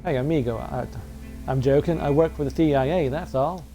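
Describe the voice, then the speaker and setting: A man's voice: a little high, brisk, mellow, soft background music, close to an everyday voice. A man voicing a mysterious, talkative male taxi passenger in a game, with an American accent. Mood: chatty. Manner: chatty, teasing.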